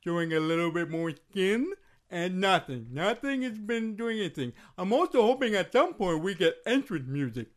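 A man voicing a deadpan, oblivious woman wrestler with a put-on Irish accent in a comedy podcast sketch. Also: high-pitched, moderate pace. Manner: deadpan, flat delivery.

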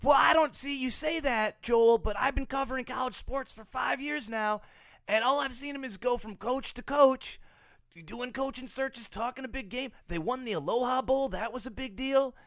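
A man's voice: very high-pitched, normal speed, a bit bright, no echo, studio quality. An actor playing a smug young male college sports blogger, laid-back and drawling "man" often, in an improvised comedy sketch. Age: young adult.

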